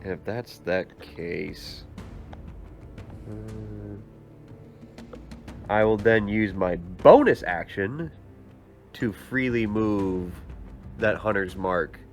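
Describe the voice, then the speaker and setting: A man playing a tabletop game who talks excitably and swears freely. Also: on the low side, extremely slow, long pauses, faint music behind. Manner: excitable, swears, rises from calm to loud. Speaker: player.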